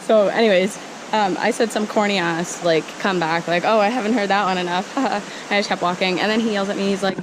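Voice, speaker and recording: Young woman, casual hiking vlog, giggly storytelling, handheld camera, noisy outdoor recording by rushing water. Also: medium pitch. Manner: chatty, giggly, self-deprecating storytelling. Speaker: vlogger. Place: outdoors in a gorge by flowing water. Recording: outdoor noise, flowing water. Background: flowing water.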